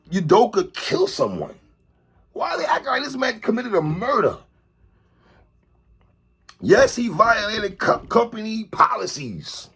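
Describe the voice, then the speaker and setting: A man delivering an animated opinion commentary monologue, calling out a TV host and repeatedly tacking on "sister, respectfully.". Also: very high-pitched, vocal fry, breathy edge. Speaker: commentary vlogger.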